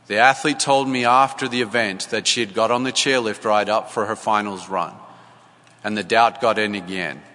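A man's voice: lowish voice, moderate pace, pushed and bright, in a large hall. A man, a coach, giving an earnest church talk, telling a story and acting out the dialogue.

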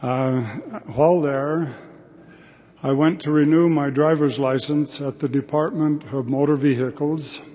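A man's voice: fairly high pitch, fairly even intonation, warm tone. Older man giving a devotional address. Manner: plain, measured, thoughtful delivery. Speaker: devotional speaker. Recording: long hall reverb.

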